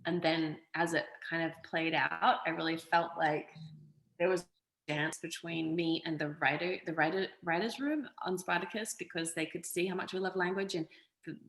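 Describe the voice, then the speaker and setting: Lively woman telling stories, echoey room. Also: lowish voice, normal speed. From Australia. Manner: animated, expressive storyteller. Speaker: actress, guest. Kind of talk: casual interview storytelling.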